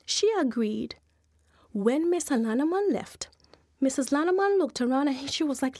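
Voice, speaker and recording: A woman storyteller, telling a folk tale with lively, dramatic pacing. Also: high voice, normal speed, dry recording, clean studio sound. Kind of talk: animated oral folk storytelling.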